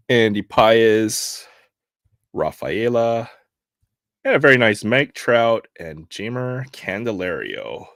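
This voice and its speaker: Low-voiced chatty male stream host. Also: pushed and bright, no echo, studio quality. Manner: chatty, laughs often. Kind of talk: casual chat.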